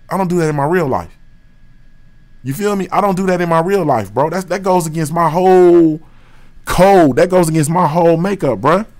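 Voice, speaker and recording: A man's voice: fairly high pitch, darkish tone. A boxing show host from Ohio, speaking. He rants on a livestream, heated and profane, loops back on his own phrases, and piles on street slang. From West Dayton, Ohio, USA. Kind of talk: livestream rant.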